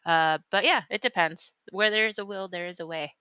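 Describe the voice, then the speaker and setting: A bright, smooth woman's voice rambles through a casual chat, giggling and hunting for words. The audio is dry and a little dull. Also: fairly low pitch, a little fast, no room sound.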